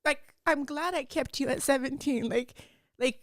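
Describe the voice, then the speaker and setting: A woman's voice: high-pitched, normal speed, no echo, studio quality. Intense, swearing woman pouring out a story. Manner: intense, repeats "like" constantly, swears freely. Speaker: podcast host. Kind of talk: emotional personal storytelling.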